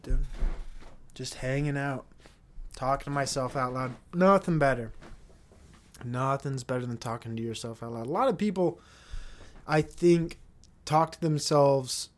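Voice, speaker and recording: A man's voice: medium pitch, measured pace, long pauses. A man hosting a solo podcast, rambling and joking with frequent profanity as he talks to himself. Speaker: podcast host.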